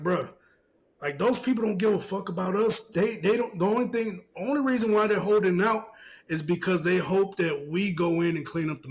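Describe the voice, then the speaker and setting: A man's voice: sits high, rough recording. A man hosting a casual podcast, ranting in a heated, profane way and repeating himself. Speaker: podcast host.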